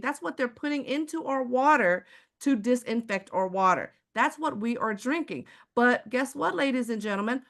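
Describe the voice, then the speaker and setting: A woman from Houston, Texas, speaking with a Texan accent, runs a live online sales presentation and throws rhetorical questions at her audience. Her voice is a little high with a fairly bright tone.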